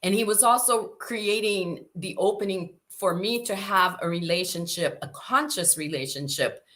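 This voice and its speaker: A woman's voice: mid-range voice, moderate pace. A woman in her sixties from Chicago, a guest telling stories in a casual interview and acting out the voices she quotes. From Chicago, USA. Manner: animated storyteller who acts out quoted voices.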